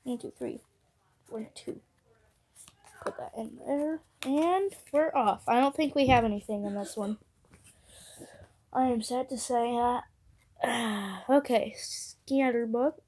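A woman chatting casually to herself and her viewers while opening trading card packs, muttering card names and breaking into excited cheers. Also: on the high side, takes it slowly, long pauses, husky.

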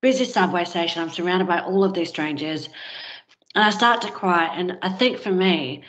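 A woman's voice: fairly low pitch, lively intonation, normal speed, poor audio. A woman, a guest telling a personal story in an interview in a candid, conversational way with fillers. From Australia.

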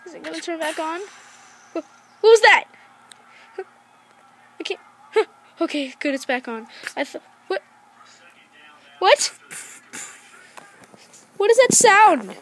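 Brief: woman doing a jittery scared lady, very high, slow and halting, always asking questions. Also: sing-song, heavily acted. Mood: scared, questioning. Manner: nervous, keeps asking questions. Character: jumpy frightened lady exploring with a flashlight.

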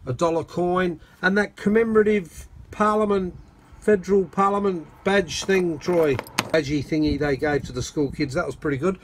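An Australian man filming a casual outdoor vlog on his phone, chatting excitedly to viewers and calling his mate "mate" a lot. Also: sits high, moderate pace, slight background noise. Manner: excitable, blokey, lots of "mate" and "righto". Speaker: metal detecting channel host. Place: outdoors at a dig site. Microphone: phone camera.

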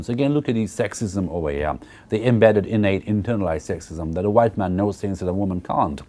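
A man's voice: low voice, animated, fairly quick, mellow. A man lecturing on a novel in a university course. He explains step by step, often checks in with "okay" and "right", and uses many fillers and repeated words. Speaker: literature lecturer.

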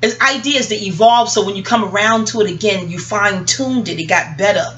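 A woman's voice: mid-range voice, brisk, a bit bright. A woman giving rambling, profane commentary in a casual, scattered way, jumping from one thought to the next. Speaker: online commentator. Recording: audio-only home recording.

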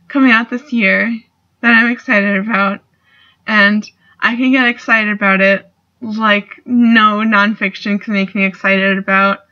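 A young woman talking casually in a video response, rambling with fillers and casual swearing, a little emotional. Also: mid-range voice. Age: young adult. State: getting emotional. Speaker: student vlogger. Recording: dull lo-fi recording.

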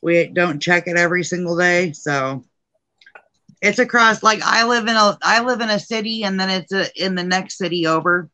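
Bright-voiced chatty woman laughing often. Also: on the low side, normal speed, dry recording. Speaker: crafter on a live stream. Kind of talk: casual chat. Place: at home in her dining room.

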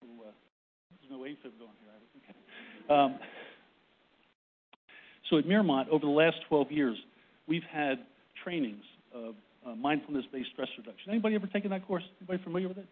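A man's voice: on the high side, lively intonation, fairly quick, pauses often. A man from Boston giving a workplace presentation to an audience, short of breath, who often restarts and keeps checking in with "right?". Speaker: presenter on a panel. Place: conference room with audience. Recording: tinny phone-like recording.

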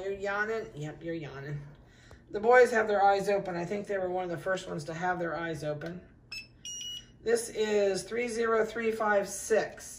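A middle-aged woman dog breeder in a casual puppy update, cooing softly to the litter and giving brisk practical notes to buyers. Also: medium pitch, far from the mic, slight background noise. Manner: coos softly to puppies, then gives brisk practical notices to buyers.

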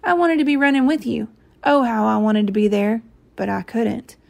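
A woman voicing a sweet, eager little girl in a read-aloud storybook, bright and pleading. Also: fairly high pitch, lively intonation, normal speed, creaky.

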